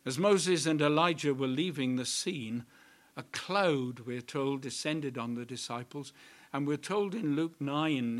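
Slow, emphatic male preacher. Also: on the high side, a bit bright. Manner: slow, emphatic, repeats key words. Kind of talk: sermon.

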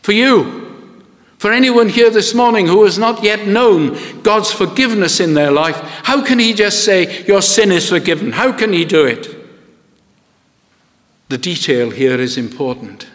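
A man preaching a sermon with slow, deliberate delivery and rising, emphatic questions. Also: sits high, lively intonation, a bit bright, big-room sound.

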